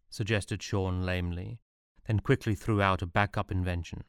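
A man reads a story aloud in an expressive way, giving each character its own voice. His natural voice is low. The recording is dry and close, with no room echo. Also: moderate pace, clean tone. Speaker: narrator. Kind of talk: storybook reading.

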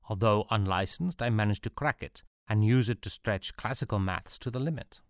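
An eccentric Prussian artillery officer, voiced by a man lectures in a brisk, deadpan tone. His voice is fairly low and recorded dry, with no room around it. He suits a storybook reading. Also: no echo, close to an everyday voice. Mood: lecturing.

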